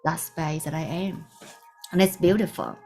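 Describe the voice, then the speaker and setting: Soft-spoken woman telling a spiritual story. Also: low voice, moderate pace, faint music behind. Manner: soft-spoken, meandering, with hushed asides. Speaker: spiritual teacher.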